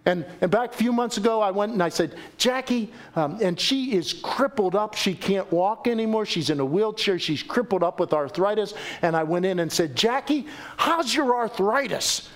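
A male pastor preaching a sermon in church, jokey and animated, acting out quotes. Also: fairly quick, hardly any pauses. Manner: animated, jokey, acts out quotes with big pitch swings. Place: church sanctuary.

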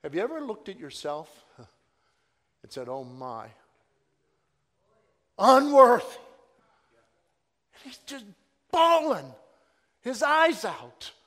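A man preaching a sermon, swinging between loud proclaiming and hushed, drawn-out asides. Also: extremely high pitch, huge pitch swings, long reverb tail.

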